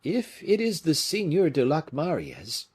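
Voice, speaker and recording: A man voicing a weathered Breton sailor, speaking in a raised, explaining tone with a husky voice. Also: on the high side, huge pitch swings, a little slow, a little mellow, voice pushed up, heavily acted.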